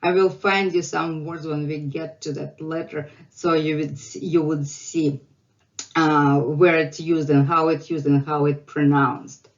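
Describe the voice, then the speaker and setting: A woman's voice: sits low, little pitch movement, measured pace, dull audio. A woman with a Russian accent teaching the alphabet, patiently repeating each sound many times. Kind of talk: slow alphabet lesson with drilled repetitions.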